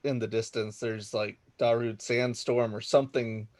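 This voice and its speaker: A man's voice: medium pitch, flat delivery, normal speed, a little mellow. A man playing in a tabletop game, rambling and restarting, full of "like". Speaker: player. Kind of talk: casual role-play chat.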